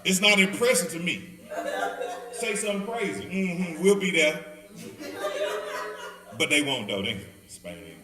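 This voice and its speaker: Slightly high in pitch and unhurried, a man with a Southern accent pauses often while teaching a Bible study in a church hall. He jokes, laughs and brings quoted people to life, and the echoey recording places him far from the mic.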